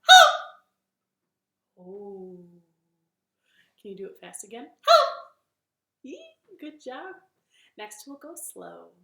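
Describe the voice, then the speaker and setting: A woman leading a children's storytime from her living room, gentle and encouraging, with a sing-song manner for the kids. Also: medium pitch, sing-song, takes it slowly, vocal fry, pauses often, echoey room.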